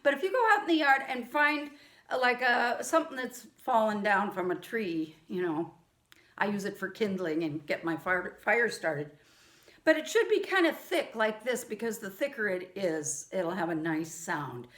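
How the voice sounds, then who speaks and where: A woman music teacher giving a gentle lesson to young children, chanting rhythm syllables and singing now and then. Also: mid-range voice, lively intonation, moderate pace, roomy sound.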